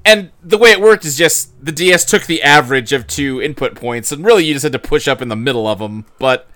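A man's voice: fairly high pitch, fairly quick, a bit bright. A man hosting a podcast in casual chat, rambling, with loose fillers and casual swearing. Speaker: podcast host.

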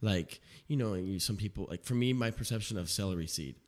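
A man's voice: fairly low pitch, a little mellow. A young man, a bartender, telling stories in a casual podcast chat, acting out customers in his own voice. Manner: rapid storytelling, quotes customers in his own voice. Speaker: bartender guest.

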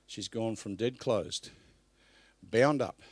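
A man preaching a live sermon at a church service, emphatic, swinging from loud bursts to hushed asides. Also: fairly low pitch, takes it slowly, husky, no echo.

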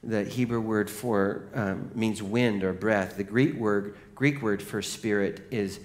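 A man preaching a sermon as pastor, telling stories and swinging from hushed lines to loud, excited ones. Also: fairly low pitch, takes it slowly. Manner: storytelling, animated.

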